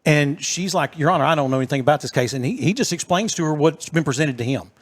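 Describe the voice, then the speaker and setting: A fairly high-pitched man with a drawl spins a story for his co-host, jumping into the voices of everyone in it. His delivery is animated and chatty, a casual podcast storyteller. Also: fast talker. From East Texas. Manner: animated storyteller acting out quotes.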